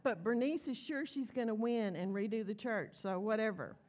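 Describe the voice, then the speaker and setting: In church, a woman preaches a chatty sermon built on stories, animatedly acting out the dialogue. Her voice is on the high side at a moderate pace, and the audio has its highs cut off.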